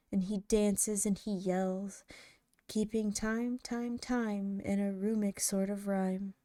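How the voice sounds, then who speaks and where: A woman narrating poems in a soft, hushed ASMR reading style, drawing out each line slowly. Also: mid-range voice, steady tone, dry recording, clean studio sound. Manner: slow, hushed, drawn-out delivery.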